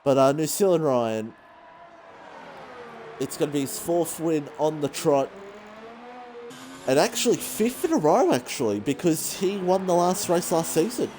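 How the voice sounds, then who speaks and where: Man, race commentator, out of breath, excitable, rambling, higher pitch. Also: unhurried, long pauses, a little hiss or hum. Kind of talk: live sim racing commentary.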